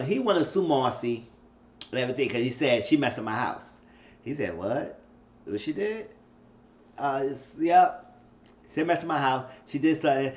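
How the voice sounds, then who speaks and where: Recapping a TV episode in a casual way, this male reviewer is chatty and animated. When quoting characters, he performs their lines and leaps into high squeals. It's a roomy, muffled home recording.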